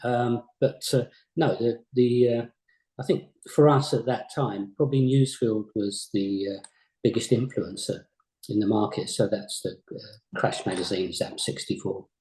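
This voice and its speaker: An older man, a former games company boss, recalling his career in a modest, halting way, often repeating words. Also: medium pitch, steady tone, darkish tone. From England. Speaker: former games company CEO, interview guest. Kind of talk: reflective interview chat. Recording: roomy echo.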